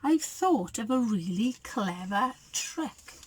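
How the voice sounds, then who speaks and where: A woman's voice: fairly high pitch, animated, slow pace, husky, full character voice. A woman voicing a small, clever ladybird in a storybook reading, chirpy and urgent. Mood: alarmed.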